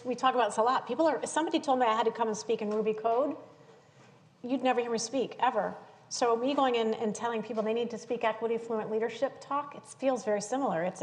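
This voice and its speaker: A woman from the American South interviewing a guest onstage in front of an audience, chatty and laughing easily. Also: fairly high pitch. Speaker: interviewer, center director. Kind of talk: onstage conversation. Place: lecture hall with audience. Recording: long hall reverb, faint noise.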